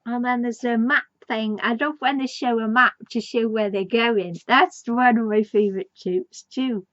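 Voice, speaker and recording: A woman's voice: a little high, steady tone, normal speed, fairly bright tone, dry recording, lo-fi sound. A woman giving a casual, rambling, enthusiastic fan review of a TV episode. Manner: rambling, enthusiastic, many fillers. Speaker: TV show reviewer.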